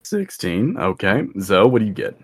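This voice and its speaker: A man's voice: lowish voice, sing-song, normal speed, breathy edge. A man narrating as dungeon master in a loose, rambling way with lots of fillers. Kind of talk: narrating a tabletop game.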